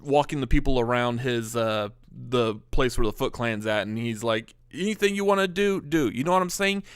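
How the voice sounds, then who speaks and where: A man co-hosting a loose movie podcast, rambling through stories with fillers and bursts of laughter. His voice is smooth and clear at a middling pitch. The recording is dry and close. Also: normal speed, no echo. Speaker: podcast co-host. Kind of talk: casual movie chat.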